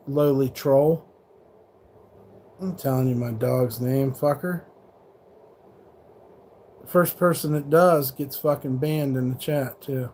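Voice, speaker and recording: A man's voice: mid-range voice, steady tone, a little slow, pauses often, dark tone. A middle-aged man livestreaming from a truck stop, talking casually and swearing as he taunts trolls in the chat. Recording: faint background noise.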